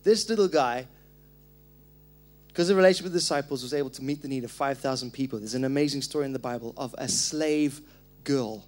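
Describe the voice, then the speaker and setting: A man pastor preaching a sermon in a church, energetic and animated, telling stories with joking asides. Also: medium pitch, a little fast. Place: church hall.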